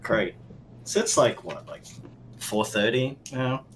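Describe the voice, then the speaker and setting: A man's voice: mid-range voice, expressive, slow pace, fairly bright tone. A man playing in a tabletop game, talking in a laid-back, dry way. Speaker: player.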